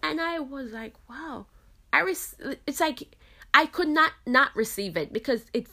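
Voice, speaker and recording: A woman's voice: high-pitched, animated, moderate pace, pushed and bright. A woman from the Caribbean islands hosting a faith podcast, talking in an earnest, reflective way with frequent "you know". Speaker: podcast host. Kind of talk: faith-based podcast talk.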